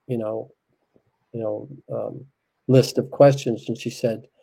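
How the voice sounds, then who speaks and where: Soft-spoken man with a mellow voice. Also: medium pitch, fairly even intonation, creaky, breathy edge, low-quality recording. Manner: soft-spoken, reflective, unhurried. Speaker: interview guest. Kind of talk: heartfelt personal storytelling.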